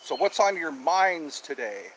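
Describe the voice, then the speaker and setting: A man's sing-song voice, on the high side and a bit bright with a breathy edge, carries at a measured pace. He's hosting a cheerful, casual outdoor live stream amid birdsong, repeating himself as he greets viewers.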